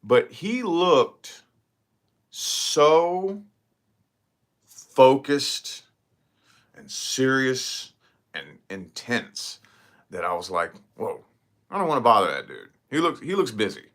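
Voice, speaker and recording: Speaking to camera in his vlog, a man with a medium-pitched voice talks slowly, leaving long pauses. He chats casually, rambling and swearing as he tells stories in an animated way.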